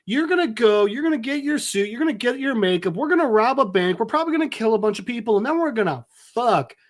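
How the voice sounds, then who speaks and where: A man voicing a manic young female villain, shrill and bossy, in a high pitch. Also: lively intonation, quick pace. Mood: ranting.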